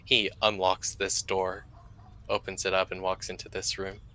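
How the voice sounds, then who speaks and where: A man narrating a tabletop game in a relaxed, hesitant way. His voice is lowish and bright. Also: normal speed, a little hiss or hum, rough recording.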